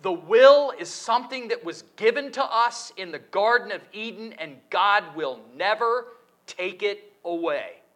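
A man preaching a sermon, working through a verse with lots of questions to his listeners and slow, stressed quotations. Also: high voice. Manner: questioning, lively emphatic delivery with drawn-out quotes.

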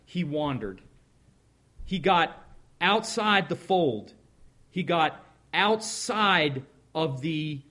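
Slow folksy preacher man, husky voice. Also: fairly high pitch, lively intonation. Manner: folksy, drawn-out, swings from loud emphasis to quiet asides. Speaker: pastor. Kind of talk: sermon.

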